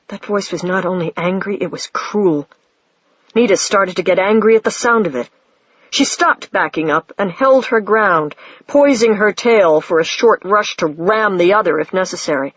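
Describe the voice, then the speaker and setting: An audiobook reader tells the story in a measured, plain manner. The recording is dull and lo-fi, with a dry, close sound. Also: medium pitch, a bit bright, husky, no echo. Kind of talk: scripted narration.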